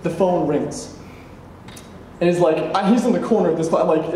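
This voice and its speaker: A man performing a true story live on stage, animated, acting out the other people's lines and laughing as he tells it. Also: high voice, brisk. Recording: echoey room, mic at a distance, faint background noise.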